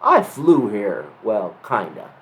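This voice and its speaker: A woman voicing a mischievous little boy who thinks he is a superhero, excited and high-pitched. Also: slow pace, full character voice. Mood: eager.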